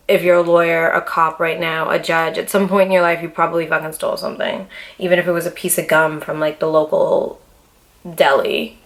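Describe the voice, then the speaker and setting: A young adult woman vlogger telling a personal story in a casual, blunt, profane way, full of fillers. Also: fairly low pitch.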